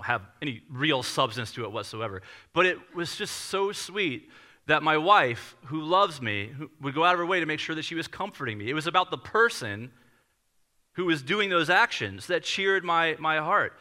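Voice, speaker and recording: Bright, sharp-toned male pastor preaching. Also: on the high side, expressive, normal speed. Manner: conversational, self-deprecating storytelling. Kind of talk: sermon. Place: church, preaching to a congregation.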